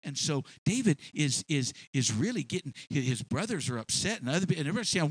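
A male preacher giving a sermon, retelling a story in an animated way with many restarts and repeated words. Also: a little high, brisk, breathy edge, no room sound.

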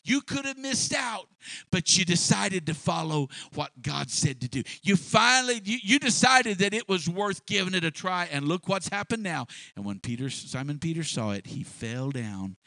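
A fiery male pastor preaching with a bright, ringing voice a touch higher than most men. He repeats phrases and builds to shouts. The sound is close and dry. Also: lively intonation, moderate pace, creaky, no echo. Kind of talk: sermon.

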